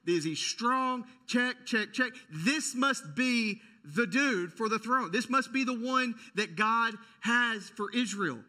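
High, bright-voiced energetic preacher man. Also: slow, few pauses. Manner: energetic, conversational preaching with many restarts. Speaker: pastor. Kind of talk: sermon.

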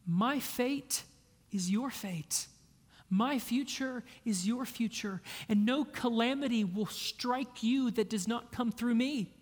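A man voicing a tender, loving savior who comforts a frightened follower, speaking softly and hushed, with a long hall echo. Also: extremely high pitch, slow, exaggerated voice.

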